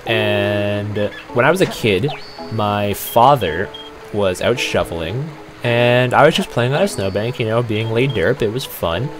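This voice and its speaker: A man's voice: lowish voice, a little slow, music in the background. A young Canadian man hosting a let's play, telling rambling stories in casual, laid-back commentary.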